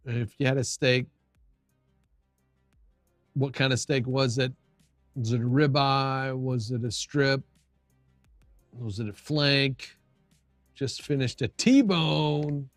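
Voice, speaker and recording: Relaxed man rambling on a livestream. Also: mid-range voice, slow, long pauses, dry recording, soft background music. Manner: rambling, with frequent restarts and chatting to viewers. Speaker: livestream host. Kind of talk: casual live-stream chat.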